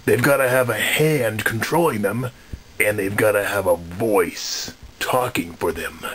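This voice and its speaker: A man voicing a smug, mean male puppet frog in a comedy puppet video, talking slowly with sly chuckles. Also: lowish voice, a bit bright, a little hiss or hum.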